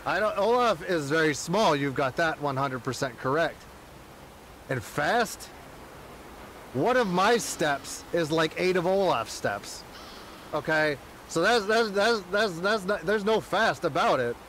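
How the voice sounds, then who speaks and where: A man's voice: on the high side, lively intonation, unhurried, fairly bright tone, a little hiss or hum. A man streaming a game, chatting casually with friends, rowdy, joking and swearing a lot. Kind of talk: casual live-stream chat.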